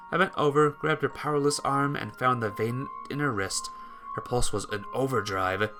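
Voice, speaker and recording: A man reading a visual novel aloud in a let's play, with lively delivery and occasional stumbles and restarts. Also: medium pitch, normal speed, soft background music.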